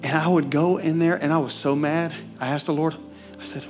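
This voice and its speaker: Fervent male preacher, soft music behind. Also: on the high side, fairly even intonation, a little fast. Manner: storytelling, building to loud fervent peaks. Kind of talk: sermon.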